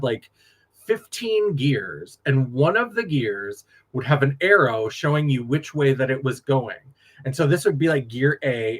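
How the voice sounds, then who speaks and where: A man from North Dakota, a drag performer telling stories in a sassy, laughing late-night chat. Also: a little high.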